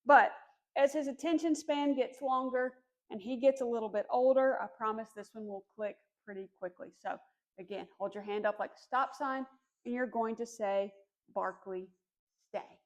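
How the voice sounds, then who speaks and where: Calm, encouraging woman dog trainer. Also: a little high, moderate pace. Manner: calm, encouraging, firm on commands. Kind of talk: instructional demonstration.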